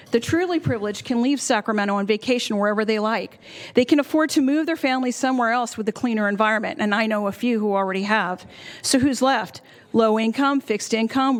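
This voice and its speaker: A woman's voice: fairly high pitch, fairly quick. A woman firmly reading a prepared public comment at a county board meeting. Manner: firm, reads a prepared statement.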